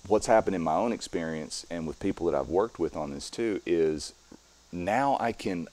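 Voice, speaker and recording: A man's voice: low-pitched, normal speed, darkish tone. A middle-aged strongman guest talking casually in an interview, explaining his methods step by step as he demonstrates.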